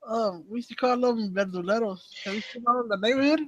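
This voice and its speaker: A man's voice: very high-pitched, brisk, muffled recording, a little hiss or hum. A man making short remarks in a casual podcast chat. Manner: brief interjections.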